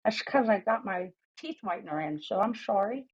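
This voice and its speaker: A woman speaking as a podcast guest in a casual panel chat, opinionated with lively asides and a slight lisp from teeth whitening strips. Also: medium pitch, moderate pace, breathy edge, highs cut off.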